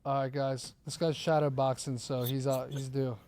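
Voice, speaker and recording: Chill guy hosting a call-in show, jokes around, slangy, normal pitch. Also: flat delivery, moderate pace, a little mellow. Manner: laid-back, joking, slangy. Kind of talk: casual chat.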